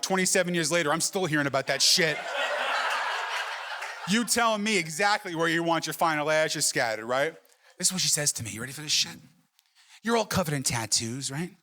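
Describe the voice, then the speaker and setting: Fast and sharp-toned, his voice a little high, a middle-aged man delivers a stand-up set on a comedy club stage for a live crowd. He tells brash, profane tales and keeps adding "right?" asides.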